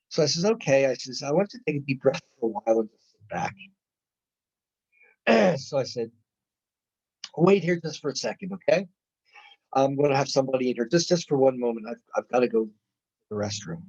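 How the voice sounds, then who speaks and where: Male lecturer, husky voice, storytelling style with quoted dialogue; muffled lo-fi recording. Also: mid-range voice. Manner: animated retelling with quoted dialogue.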